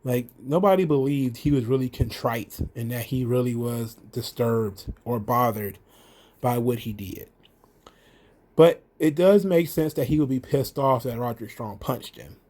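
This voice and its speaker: A man giving a casual, rambling recap of a wrestling show, animated and full of restarts. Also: medium pitch, a little slow. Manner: rambling, many fillers and restarts, animated retelling.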